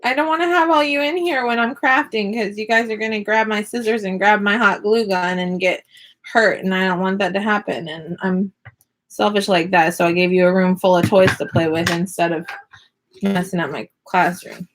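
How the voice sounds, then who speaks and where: A woman vlogging from her home classroom, chatting casually and upbeat with quick laughs while she crafts. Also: mid-range voice, fairly even intonation. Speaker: vlogger and online teacher.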